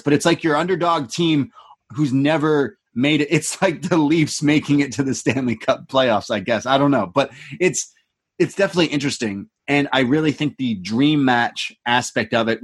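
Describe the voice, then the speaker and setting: A man's voice: mid-range voice, a little fast, husky. A man co-hosting a podcast, casually and animatedly retelling a wrestling show and acting out the wrestlers' lines. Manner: animated retelling, quotes the wrestlers in changed voices. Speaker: podcast co-host.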